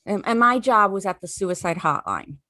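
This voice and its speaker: A woman's voice: mid-range voice, animated, moderate pace, bright, forceful tone, dry recording. Wry female stand-up comic, dry sound. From California. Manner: wry, conversational delivery. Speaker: stand-up comedian. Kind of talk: stand-up routine. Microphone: computer mic on a video call.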